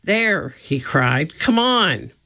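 Reader doing a nervous young boy, worried and grumbling, bright tone with a gravelly edge, dull lo-fi sound. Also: medium pitch, animated, slow, exaggerated voice. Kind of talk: storybook reading. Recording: dull lo-fi recording.

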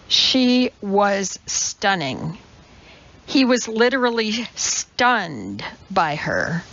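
A woman reading a novel aloud as an audiobook narrator, in a measured, deliberate way. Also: mid-range voice, gravelly, fairly bright tone. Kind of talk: scripted narration. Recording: slightly dull recording.

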